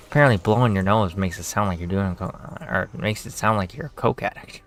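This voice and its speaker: A young man with a Canadian accent talks in a slightly low voice during a casual game stream. He rambles from thought to thought, swears freely and pokes fun at himself. Soft music plays faintly behind him. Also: brisk. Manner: rambling, profane, self-mocking.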